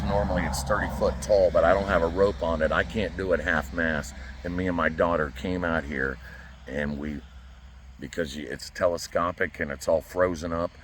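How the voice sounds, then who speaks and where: A man with an extremely low, deep voice speaks in a personal vlog monologue. He talks earnestly and haltingly, stumbling over repeated words as he goes. He is recorded outdoors. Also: a bit bright, slight background noise. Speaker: vlogger. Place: outdoors by a flagpole.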